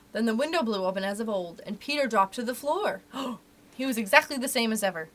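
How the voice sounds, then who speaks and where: A woman reading a children's book aloud for a library storytime, with expressive, animated delivery. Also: on the high side, fairly quick.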